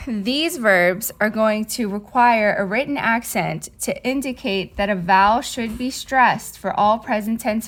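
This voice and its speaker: Chatty woman teaching Spanish verbs. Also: mid-range voice. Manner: chatty, reassuring, drills conjugations slowly. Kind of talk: recorded online grammar lesson.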